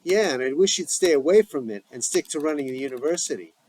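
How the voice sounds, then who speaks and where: Man reading a tense, urgent middle-aged professor, pitched somewhat above his own voice. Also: expressive, fast talker, a little mellow, no echo. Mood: defiant.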